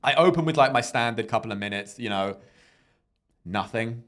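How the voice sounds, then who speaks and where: Animated man telling a story. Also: mid-range voice, normal speed. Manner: animated storyteller who mimics people in quotes. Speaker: stand-up comedian and podcast host. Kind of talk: casual storytelling chat.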